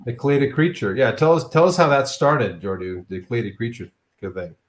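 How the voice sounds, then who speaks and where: A man's voice: mid-range voice, moderate pace. A man hosting a casual chat, stammering and restarting as he asks questions.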